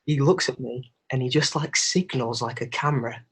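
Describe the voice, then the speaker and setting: A young man with a husky, breathy voice tells a holiday mishap story on a podcast. He talks in a casual, animated way and swears freely. His pitch sits in an ordinary middle range. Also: normal speed. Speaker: podcast co-host.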